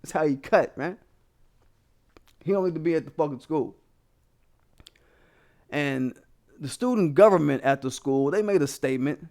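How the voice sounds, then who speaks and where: A man's voice: a little high, normal speed, long pauses, darkish tone. Heated, swearing man ranting to viewers. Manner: blunt, heated, swearing constantly, addressing viewers directly. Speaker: commentary channel host. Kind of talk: profane casual commentary.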